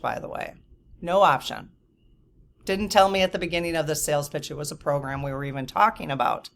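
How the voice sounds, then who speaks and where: A woman in her fifties telling a personal story in a casual vlog, animated and exasperated, acting out quoted dialogue. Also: deep voice, creaky. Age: 50s. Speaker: channel host.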